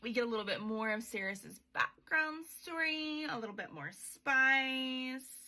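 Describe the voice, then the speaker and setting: Bright, chatty young woman host. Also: sits high, animated, a little slow. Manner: chatty, sweary, sarcastic asides. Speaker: podcast host. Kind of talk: casual book recap.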